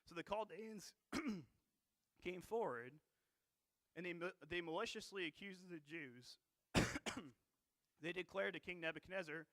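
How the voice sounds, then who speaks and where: A man preaching in church with a bright, forceful tone and a slightly high pitch. He talks conversationally, with plenty of fillers and "right?" checks, and keeps clearing a dry throat. The sound is close and dry. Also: takes it slowly, pauses often, dry recording. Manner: conversational, many fillers and tag questions. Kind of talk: sermon.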